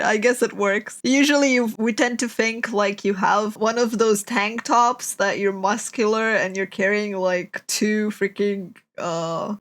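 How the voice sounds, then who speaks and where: Slow-talking giggly European woman. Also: mid-range voice, fairly bright tone. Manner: giggly, chatty, frequent laughter. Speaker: reaction streamer. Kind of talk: casual reaction commentary.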